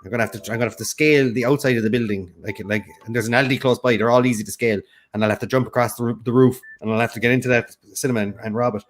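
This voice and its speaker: A man co-hosting a charity quiz stream, rambling through stories in quick chatter. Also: mid-range voice, fairly even intonation. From Ireland. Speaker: quiz co-host. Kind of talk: casual live-stream chat.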